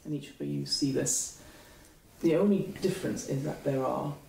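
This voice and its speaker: Woman, game master, halting narration, gravelly, distant, echoey room. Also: deep voice, mellow. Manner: halting, searching for words, many fillers. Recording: echoey room, far from mic.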